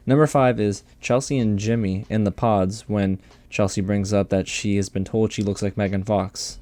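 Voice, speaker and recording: Man, young adult, snarky reality TV recapper, lowish mellow voice, quick laughs. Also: no echo. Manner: snarky, exasperated, laughs often. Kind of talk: casual sarcastic recap commentary.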